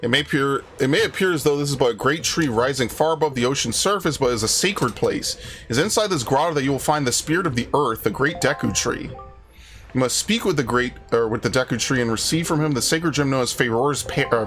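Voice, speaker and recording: A man's voice: mid-range voice, fairly quick, a bit bright, soft background music, lightly acted. A man reading aloud the lines of a solemn old male talking boat guide from a video game, in his own plain voice.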